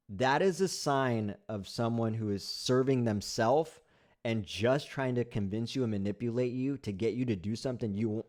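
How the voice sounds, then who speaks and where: A man's voice: medium pitch, a little mellow. A man hosting a casual live stream, bluntly critiquing sayings and answering chat comments, repeating himself with many fillers and restarts. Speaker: livestream host.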